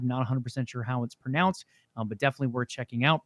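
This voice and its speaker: A man co-hosting a gaming podcast, giving a steady, informative rundown with some fillers. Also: medium pitch, very fast, dry recording. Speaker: podcast co-host. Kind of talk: casual chat.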